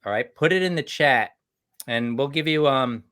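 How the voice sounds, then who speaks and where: A man's voice: mid-range voice, animated, normal speed, a bit bright. Upbeat man co-hosting a live stream. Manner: upbeat, laughs often, greets viewers by name. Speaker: co-host of a live business networking show. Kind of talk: casual live-stream chat.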